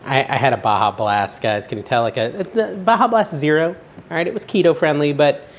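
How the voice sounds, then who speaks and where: A man's voice: fairly high pitch, lively intonation, fairly quick, slight background noise. A man in his forties hosting a casual cooking vlog from his home kitchen, chatting and joking at himself as he goes. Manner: rambling, chatty, self-joking. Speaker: cooking channel host.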